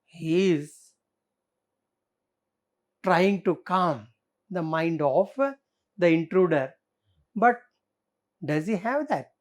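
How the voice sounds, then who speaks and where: A woman's voice: lowish voice, extremely slow, pauses often, darkish tone. A woman teacher with an Indian English accent explaining a play line by line in a literature lesson. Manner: explanatory, reads scenes aloud and comments.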